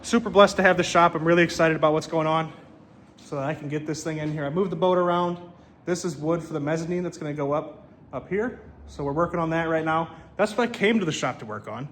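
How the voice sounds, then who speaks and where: A man's voice: a little high, fast talker, a bit bright, slight background noise. A man chatting casually and upbeat as he explains car repairs in his workshop. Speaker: shop vlogger. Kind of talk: casual how-to vlog. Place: workshop garage.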